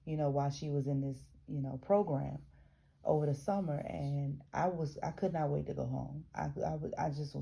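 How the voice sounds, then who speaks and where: A woman's voice: deep voice, animated, brisk, creaky, mellow, husky. A woman from the American South reading a memoir aloud and breaking off into chatty asides, restarting words as she goes. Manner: frequent restarts and self-corrections while reading. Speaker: reader.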